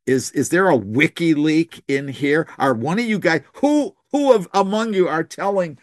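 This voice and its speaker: A man's voice: on the high side, animated, moderate pace, no echo, studio quality, voice pushed up, natural voice. A man voicing a frantic ancient king who accuses his own generals of leaking his war plans. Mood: agitated. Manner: shouting, accusing.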